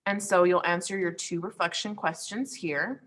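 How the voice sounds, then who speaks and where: A woman's voice: lowish voice, fairly even intonation, normal speed, a bit bright. A woman teacher recording an online lesson walkthrough while sharing her screen, explaining step by step in a friendly way with frequent ums and likes.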